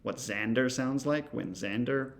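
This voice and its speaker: This recorded lecture shows a man demonstrating software in a casual lesson, speaking at a measured pace in a mid-range voice. As the instructor thinks aloud, ums and uhs crop up often.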